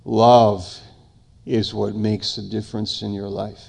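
Older man, preacher, sermon, slow delivery, gravelly low voice, emphatic repetition. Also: flat delivery, darkish tone. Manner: emphatic, repeats phrases in lists.

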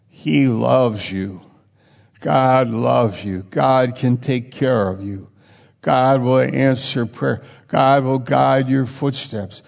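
A man preaching in a slow, deliberate way, his voice gravelly at the edges. He pauses often, then surges upward into emphatic bursts. The sound rings out with a long hall reverb. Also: darkish tone. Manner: slow and halting, rising to emphatic high bursts. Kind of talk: sermon.

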